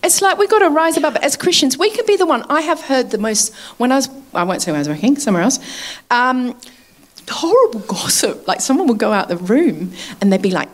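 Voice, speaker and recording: A woman's voice: high voice, sing-song, brisk. A woman preaching a sermon in a chatty way, laughing often and asking her listeners to agree.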